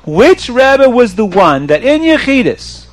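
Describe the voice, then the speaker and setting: A man telling a story to children in an animated way, often asking the audience questions. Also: very high-pitched, measured pace.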